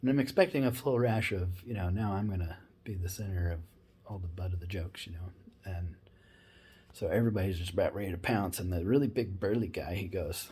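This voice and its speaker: A man's voice: low voice, a little fast, a little mellow, breathy edge. A former wildland firefighter, a man, tells a funny story in a laid-back, rambling way with many asides. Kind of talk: casual humorous storytelling.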